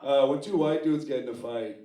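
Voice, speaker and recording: A man from New York City doing a stand-up comedy set, animated and profane, laughing at his own jokes and slipping into put-on voices. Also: mid-range voice, brisk. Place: live comedy venue with audience. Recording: roomy, distant live room sound with noise.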